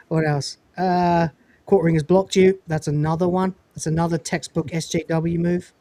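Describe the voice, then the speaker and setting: A man's voice: fairly high pitch, a little mellow. A British man hosting a live panel stream, mocking and swearing freely, laughing often. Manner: profane, mocking, quick to laugh. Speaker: livestream host. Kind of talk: casual panel chat.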